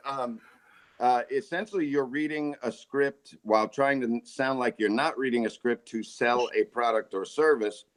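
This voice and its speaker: A man in his forties, a voice actor and guest, telling stories in a jokey, relaxed way. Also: mid-range voice. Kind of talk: casual interview chat.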